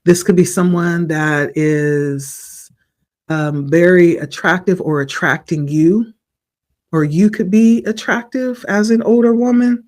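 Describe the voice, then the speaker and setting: A man giving a spiritual tarot reading in a slow, reflective, encouraging way, his voice a little hoarse from the morning. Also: sits high, steady tone, a little mellow. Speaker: tarot reader.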